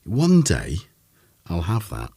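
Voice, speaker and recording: Man, deep voice, slow and meandering live-demo host, rambling and self-correcting, animated intonation. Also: husky, no echo, clean studio sound. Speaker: host of a synth livestream. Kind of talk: casual live demo chat.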